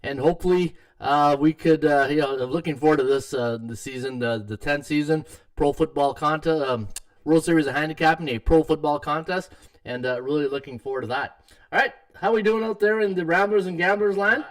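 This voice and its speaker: A man's voice: fairly high pitch, a little fast, distant mic. A middle-aged man hosting a live sports betting stream in casual chat, full of fillers and restarts. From Canada. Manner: chatty, many fillers and restarts. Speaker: sports betting podcast host. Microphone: desktop mic. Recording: tinny echoey home stream mic.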